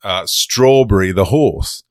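A man's voice: fairly low pitch, takes it slowly, no echo, clean studio sound. A man from Georgia, co-hosting a podcast in casual chat, a playful storyteller who slips into funny voices. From Georgia, USA. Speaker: podcast co-host.

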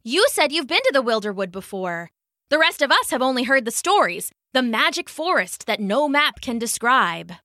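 Lady doing a fast wry young sorceress, storybook spellcaster, bright sharp voice. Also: on the high side, very animated, dry recording, studio quality, full character voice. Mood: brisk.

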